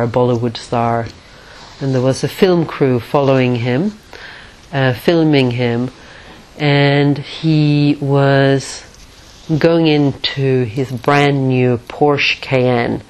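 A woman with a low voice gives a spiritual teaching talk. She speaks slowly and reflectively, with frequent pauses between her phrases. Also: darkish tone, rough recording. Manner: measured and reflective, with many pauses. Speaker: meditation teacher.

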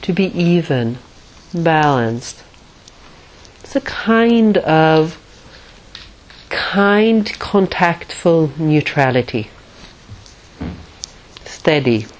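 A woman meditation teacher giving a spiritual talk in a measured, reflective way, pausing often. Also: sits low, lively intonation, poor audio. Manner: measured and reflective, with many pauses.

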